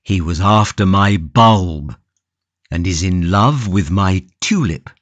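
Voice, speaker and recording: A man's voice: deep voice, animated, takes it slowly, no room sound. Man doing an impassioned prisoner in an audiobook, lots of swing in the voice, dead dry studio. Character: passionate imprisoned young tulip grower, brooding and stoic. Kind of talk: audiobook character reading.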